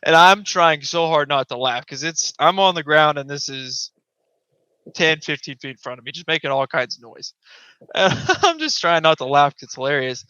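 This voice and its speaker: A man's voice: a little high, smooth, no echo. A man, a guest on a podcast, telling a hunting story casually and acting out voices and sounds. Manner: animated, acts out voices and sounds. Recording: dull lo-fi podcast audio.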